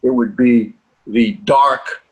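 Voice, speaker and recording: Older American male academic guest, husky voice, emphatic and indignant, punches key words. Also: medium pitch, fairly even intonation, slow, poor audio. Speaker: political science professor, guest. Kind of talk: TV interview answers.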